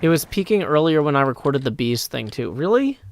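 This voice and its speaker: A man chatting casually on a live stream, reading chat aloud and rambling through answers on a desk mic that clips when loud. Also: mid-range voice, fairly quick, gravelly, dry recording.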